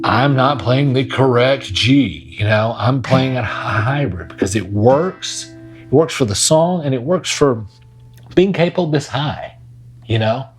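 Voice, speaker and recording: A man's voice: medium pitch, lively intonation, unhurried. A man teaching a casual guitar lesson in a laid-back way, talking while he plays. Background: his own acoustic guitar playing.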